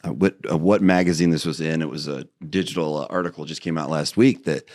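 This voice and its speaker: A man's voice: a bass voice, fairly even intonation, fast talker, a little mellow, no room sound, studio quality. A young man hosting a casual business interview, giving frequent affirmations and talking loosely with many fillers. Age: young adult. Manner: backchannels often, rambling with fillers. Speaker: podcast host.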